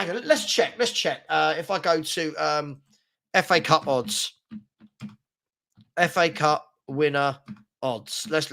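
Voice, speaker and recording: A man chats casually on a live stream, reading out viewer comments as he goes. His voice is bright and forceful and sits a bit high for a man. He rambles, uses slang and says the same phrases over and over. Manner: chatty, rambling, repeats himself, slangy. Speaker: football chat show host.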